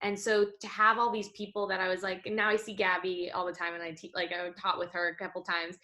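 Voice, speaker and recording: A woman in her twenties, a Broadway performer and dancer, chatting in an interview with lively restarts and lots of fillers. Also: on the low side, fast talker. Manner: animated, tumbling restarts and frequent "like". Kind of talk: casual interview chat.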